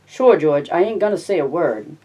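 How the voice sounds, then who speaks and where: A reader voicing a simple, gentle, frightened big man who speaks plaintively and timidly in an audiobook reading. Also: medium pitch, animated, normal speed, slightly rough, recorded from a distance, low-quality recording.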